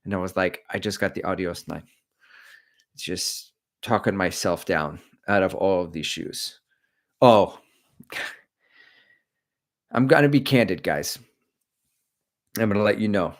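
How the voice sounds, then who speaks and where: Low-voiced man chatting on a livestream. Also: slow pace, long pauses. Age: middle-aged. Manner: candid, joking, rambling. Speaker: running channel host. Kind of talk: casual livestream chat.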